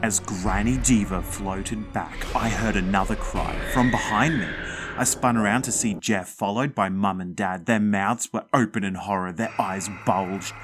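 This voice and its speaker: A man's voice: on the low side, unhurried, music in the background. A man narrating a spooky children's story with dramatic suspense.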